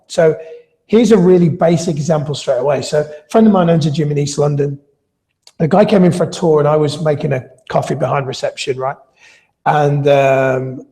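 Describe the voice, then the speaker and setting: A man's voice: on the high side, vocal fry, mellow. A man teaching a live online class on gym sales, chatty and anecdotal, often restarting his sentences. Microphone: video call style mic.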